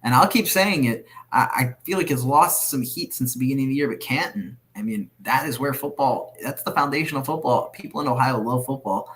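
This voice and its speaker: A man co-hosting a sports podcast, speaking at a mid pitch. He lays out his opinions earnestly and firmly in a relaxed, chatty exchange. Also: brisk, hardly any pauses. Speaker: podcast co-host. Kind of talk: casual sports chat.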